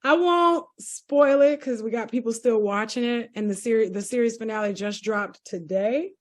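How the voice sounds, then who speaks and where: A woman on a casual podcast teases her co-hosts and gives blunt, quick opinions with a casual curse here and there. Her voice sits a little high for a woman. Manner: teasing, quick reactions, frank opinions. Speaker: podcast co-host. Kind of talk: casual chat.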